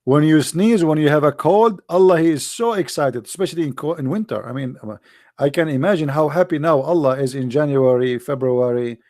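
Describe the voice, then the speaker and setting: With a slightly high, slightly mellow voice, a man offers mocking commentary on religion, sing-song and sarcastic, lingering slowly over the words he quotes. No room sound comes through, and it's studio quality.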